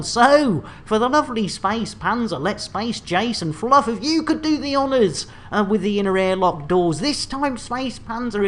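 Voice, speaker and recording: Chatty woman streaming a game. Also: mid-range voice. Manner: chatty, jokey, fast banter with viewers. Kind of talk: live gameplay commentary.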